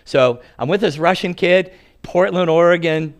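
Older male pastor, animated storyteller with a joking sermon delivery. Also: sits high, moderate pace. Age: 60s.

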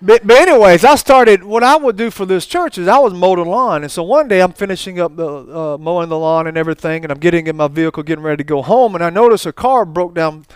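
A man preaching a storytelling sermon, folksy and animated, with asides and laughs. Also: high-pitched, fast talker, hardly any pauses, smooth, no echo.

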